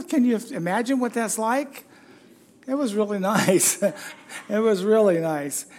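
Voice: medium pitch, a little mellow. A pastor giving a conversational sermon, chatty and joking, putting questions to the congregation.

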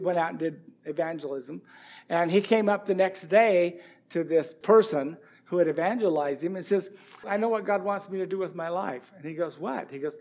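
A man's voice: sits high, a little mellow. A middle-aged man preaching a sermon as pastor, rambling through a folksy anecdote full of quoted dialogue. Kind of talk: sermon with storytelling.

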